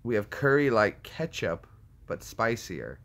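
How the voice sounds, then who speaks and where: Playful man with a lively, bouncing voice. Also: lowish voice, unhurried. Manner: jokey, riffs on movie quotes and puts on silly voices. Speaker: streamer reacting to viewer comments. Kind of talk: casual chat.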